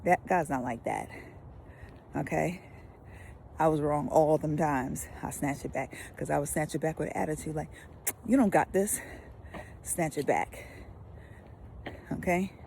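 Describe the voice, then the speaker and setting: Animated woman preacher, gravelly low voice. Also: measured pace, pauses often, a little hiss or hum. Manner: animated, swings from loud emphasis to whispers. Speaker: pastor. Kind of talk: lively devotional teaching.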